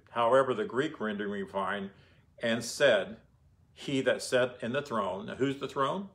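A man gives informal Bible teaching in a conversational way, frequently posing rhetorical questions to his listeners. His mid-range voice is unhurried and fairly bright.

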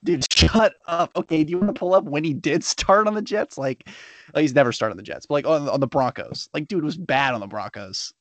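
Higher-voiced man teasing his co-host. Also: expressive, quick pace, dry recording. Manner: teasing, argumentative, swears. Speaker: podcast co-host. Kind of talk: casual sports chat.

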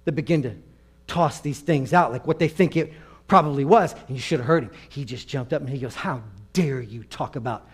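High-voiced animated male preacher. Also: fairly quick, husky. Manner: animated, acts out quoted voices. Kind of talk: storytelling sermon.

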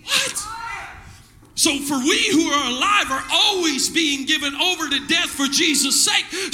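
A man's voice: very high voice, sharp tone. A male pastor preaching a sermon, full of call-and-response and repeated phrases in front of a congregation. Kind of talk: energetic shouted sermon. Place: church service with congregation.

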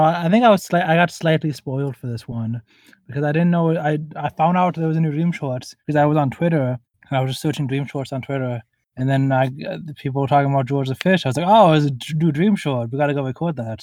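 A man's voice: medium pitch, steady tone, quick pace, darkish tone, no echo, poor audio. A man co-hosting a casual podcast review, rambling and laid-back, recording in a closet at a friend's house over a call. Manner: laid-back, rambling, lots of likes and uhs. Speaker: podcast co-host. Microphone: remote call recording.

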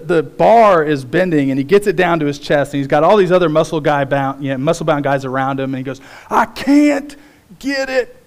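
A man preaching a sermon as pastor, telling stories in an animated way with big swings in pitch.

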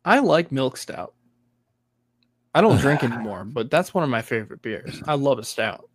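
A man's voice: mid-range voice, lively intonation, normal speed, no room sound, clean studio sound. A man in a casual podcast chat, talking bluntly with cocky cursing.

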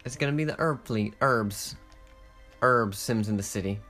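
A young man giving casual, excitable commentary while playing a strategy game, swearing often and laughing through his restarts. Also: lowish voice, moderate pace, faint music behind. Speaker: gaming content creator.

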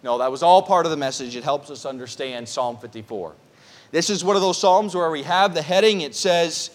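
A male pastor preaching a midweek sermon, reading scripture slowly and earnestly and sometimes restarting his phrases. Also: fairly high pitch, lively intonation. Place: church.

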